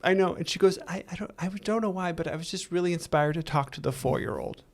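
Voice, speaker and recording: A man with a slightly higher voice speaks earnestly, stopping and restarting as he works through a hard personal story. His delivery is candid, conversational and unpolished. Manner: earnest, halting, with many restarts. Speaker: interview guest. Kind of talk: candid storytelling in a recovery interview.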